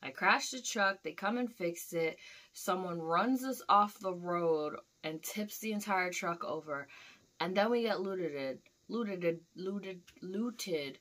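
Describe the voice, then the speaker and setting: Telling the story of a dream she had, a young vlogger is animated and informal, cursing liberally as she plays out each scene. She speaks at a measured pace with a fairly low pitch.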